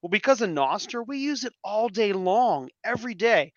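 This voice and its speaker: A man in casual podcast chat, telling stories in an animated way, repeating words and swearing now and then. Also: high-pitched, normal speed, dry recording, muffled recording. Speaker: podcast guest.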